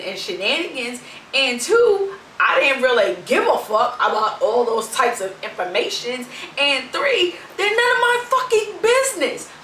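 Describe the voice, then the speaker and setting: A woman's voice: on the high side, echoey room, far from the mic, slight background noise, rough recording. Brash, foul-mouthed young woman ranting. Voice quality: brash, sassy, expressive. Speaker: vlogger. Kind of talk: profane storytelling rant.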